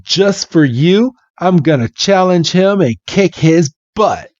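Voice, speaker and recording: A man's voice: high-pitched, expressive, slow, a little mellow, no echo, pitched above the performer's own voice. A man voicing a brash, cocky boy trainer with a lifted, eager delivery. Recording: dull, muffled lo-fi recording.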